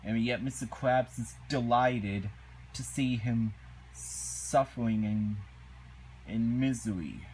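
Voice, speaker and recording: A man ranting through a casual episode review at an unhurried, plodding pace. He stops and restarts often, piling on "and then" between indignant complaints, in a voice of ordinary pitch. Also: darkish tone, a little hiss or hum, rough recording. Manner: halting, repetitive, indignant.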